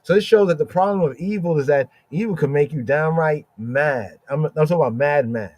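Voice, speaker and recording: A man's voice: on the high side, a little mellow, no echo. Man teaching scripture, keeps asking "right?". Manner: keeps asking "right?", drawls Hebrew words slowly. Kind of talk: informal scripture study podcast.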